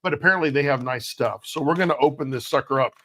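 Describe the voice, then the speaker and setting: A man's voice: medium pitch, fast, a bit bright. A man co-hosting a casual livestream, joking and folksy as he talks with the viewers. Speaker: livestream co-host.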